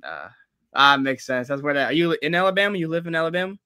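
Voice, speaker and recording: A young man co-hosting a sports talk show, animated and opinionated with casual slang. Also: fairly high pitch, fast talker, clean tone, dry recording, clean studio sound. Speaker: co-host and student sports writer.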